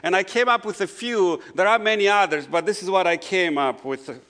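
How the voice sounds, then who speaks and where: A middle-aged pastor with a non-native English accent, preaching a conversational sermon full of "you know" asides. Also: male voice, high-pitched, normal speed, few pauses, a bit bright.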